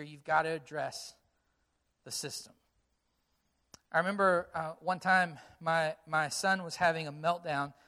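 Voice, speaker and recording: A man's voice: on the high side, bright, forceful tone. A man preaching a sermon as a pastor, earnest and conversational, repeating key phrases for emphasis and telling stories from his own family life.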